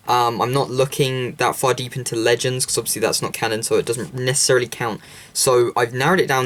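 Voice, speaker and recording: A young man talking through film theories in a casual monologue, rambling with frequent ums and false starts. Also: medium pitch. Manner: rambling with many ums and restarts. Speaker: video creator discussing film theories.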